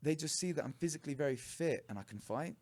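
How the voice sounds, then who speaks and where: A man, a martial arts coach talking as a podcast guest, telling stories in a lively, animated way. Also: on the high side, fast talker. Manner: animated storyteller who acts out other people's lines. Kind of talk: casual storytelling interview.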